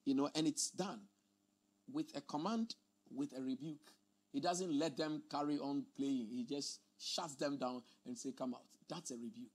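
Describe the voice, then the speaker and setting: A man's voice: mid-range voice, moderate pace, a little mellow. A man preaching a teaching sermon, explaining scripture emphatically and often repeating his words.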